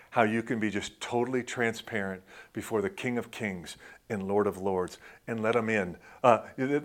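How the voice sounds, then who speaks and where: A man preaching a sermon in a conversational way, often dropping into soft, intimate tones and saying "man". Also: fairly low pitch. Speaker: pastor.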